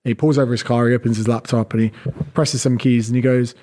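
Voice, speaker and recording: A man's voice: medium pitch, fairly even intonation, a little mellow. A man, a personal trainer talking bluntly as a podcast guest, swearing often and acting out quotes. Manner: fast, blunt, swears a lot, acts out quotes. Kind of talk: podcast conversation.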